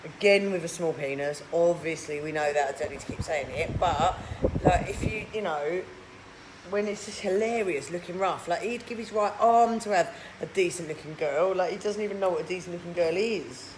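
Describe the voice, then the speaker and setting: A woman's voice: lowish voice, moderate pace, a little hiss or hum, poor audio. A woman, chatting bluntly on a live video as she reads out viewer comments, mocking and swearing casually. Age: 30s. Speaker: live stream host.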